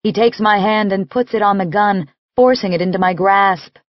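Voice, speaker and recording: A woman narrating an audiobook in the first person, reading in a slow, measured, intimate way. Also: medium pitch, dry recording, dull audio.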